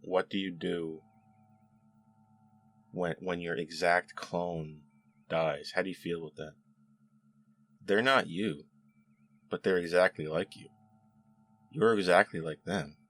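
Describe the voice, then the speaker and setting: A man hosting a casual spoken review, chatty and animated, with frequent laughs and restarts. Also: low voice, takes it slowly, pauses often, soft background music. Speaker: show host reviewing episodes.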